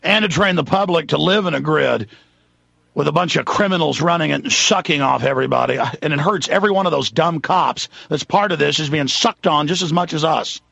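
A man's voice: on the high side, a little fast, vocal fry, fairly bright tone, slightly rough, no echo, highs cut off. A man hosting a talk radio show, ranting in a heated, hammering way. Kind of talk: angry talk radio monologue.

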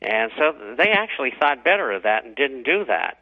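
A man's voice: mid-range voice, big pitch swings, normal speed. Man telling his story over a phone line. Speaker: radio guest.

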